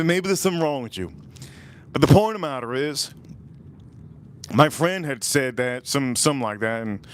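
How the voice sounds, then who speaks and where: A man's voice: mid-range voice, fairly bright tone. A man hosting a live stream, rambling through stories and repeating himself as he talks to his chat. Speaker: livestream host.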